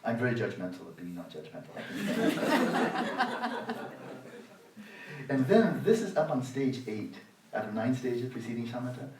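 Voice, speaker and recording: A man in his sixties giving a dharma talk at a meditation retreat, sarcastic and animated, acting out the inner voices of his students. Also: medium pitch. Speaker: meditation teacher. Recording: roomy hall, voice from the mic's distance.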